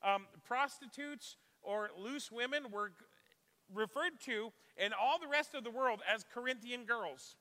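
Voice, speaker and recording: Bright, high-voiced man preaching a sermon. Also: a little slow, in a large hall. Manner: conversational, asks the congregation questions. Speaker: pastor. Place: church sanctuary.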